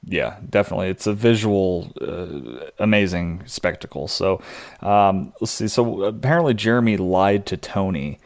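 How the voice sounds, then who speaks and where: A man with a low voice co-hosts a podcast and walks through a TV episode at an easy pace. He hesitates and fills his gaps with "uh" and "you know", recorded close and dry. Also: moderate pace, gravelly, no room sound. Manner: laid-back, hesitant with fillers. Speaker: podcast co-host. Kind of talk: casual chat recapping a TV episode.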